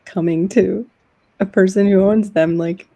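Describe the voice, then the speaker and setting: A woman's voice: mid-range voice, fairly even intonation, a little slow, mellow. A woman hosting a casual online talk show, chatting and laughing often. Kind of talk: casual chat.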